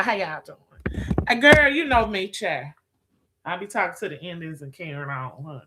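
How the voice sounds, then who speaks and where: A woman's voice: fairly low pitch, expressive, normal speed, noisy background. A woman chatting with viewers on a live stream, sassy and profane, calling people girl, child and honey. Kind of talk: casual live-stream chat.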